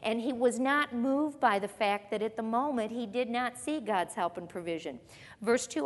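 A woman's voice: a little high, animated, moderate pace. A woman pastor preaching a sermon, reading scripture aloud and asking emphatic rhetorical questions to her congregation. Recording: long reverb of a large hall.

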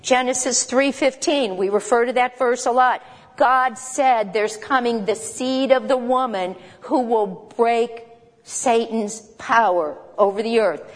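A woman with a fairly high voice teaches a Bible lesson in a chatty, emphatic way. She breaks off for quick asides to her listeners. Her voice carries a long reverb tail.

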